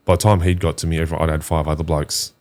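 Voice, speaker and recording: Australian bloke, low-pitched, blunt and animated, telling a personal story on a podcast. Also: male voice, rapid-fire. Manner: blunt, animated retelling with quoted dialogue. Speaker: podcast guest. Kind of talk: candid storytelling.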